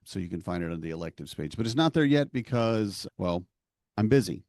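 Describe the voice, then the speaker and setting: A man co-hosting a podcast who runs tabletop games, talking in a relaxed, rambling and self-deprecating way. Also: low-pitched, a little fast, dry recording, studio quality. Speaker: podcast co-host and game master. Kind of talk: casual podcast chat.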